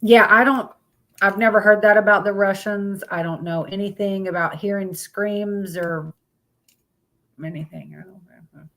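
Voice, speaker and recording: A woman's voice: mid-range voice, steady tone, a little slow, fairly bright tone. Chatty woman hosting a live stream. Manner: chatty, greets viewers, reads topics aloud with stumbles. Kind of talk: casual live-stream chat.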